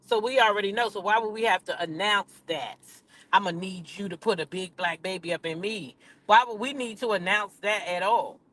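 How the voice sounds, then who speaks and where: A woman's voice: a little high, fairly bright tone. A woman hosting a casual gossip commentary, talking in a sassy, emphatic way and repeating her points for effect. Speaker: commentary channel host.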